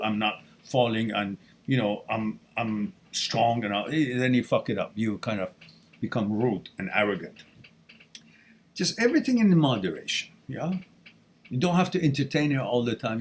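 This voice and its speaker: A man hosts a live question-and-answer stream, answering viewers directly. His voice is husky and his pitch climbs and falls a lot. He is animated and goofy, and often laughs at his own jokes. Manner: reads out viewer messages, then answers directly. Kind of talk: live Q&A advice talk.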